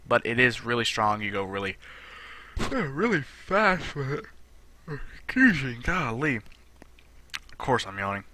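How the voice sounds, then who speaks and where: A young gaming channel host chats his way through game patch notes, rambling conversationally with plenty of fillers. His mid-range voice has a sharp tone, recorded with no echo.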